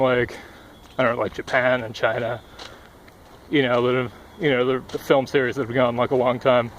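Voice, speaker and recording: Breathless young guy rambling outside, swears a lot, cars faintly behind. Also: medium pitch. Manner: rambling, full of fillers and swearing. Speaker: vlogger. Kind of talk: rambling casual monologue. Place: outdoors by a busy road. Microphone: headphone cord mic. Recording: faint traffic noise outdoors. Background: passing cars.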